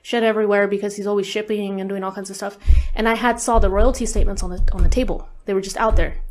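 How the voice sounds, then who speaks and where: A woman's voice: medium pitch, steady tone, quick pace, slight background noise. Candid, swearing woman telling her story. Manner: candid, profane, lots of fillers. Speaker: interview guest. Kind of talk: casual storytelling.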